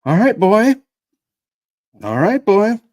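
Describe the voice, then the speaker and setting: A man voicing an eager young boy alone in the wild, shouting with excitement. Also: high voice, slow, pitched above the performer's own voice, full character voice. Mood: cheerful.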